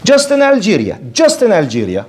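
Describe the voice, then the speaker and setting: Animated man giving a religious lecture. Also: high voice. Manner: animated and rhetorical, mimics objectors in quick asides. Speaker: Islamic lecturer. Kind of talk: lecture to an audience.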